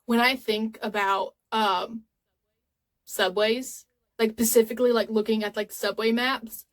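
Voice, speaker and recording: A woman's voice: on the high side, steady tone, measured pace. A woman in her twenties talking casually to camera in a rambling, chatty, earnest way. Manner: earnest and openly emotional. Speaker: vlogger.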